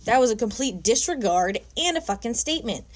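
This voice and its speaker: A woman's voice: on the high side, lively intonation, brisk. A young woman delivering an angry personal rant to camera, heated, emphatic and full of swearing. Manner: heated, profane, emphatic ranting.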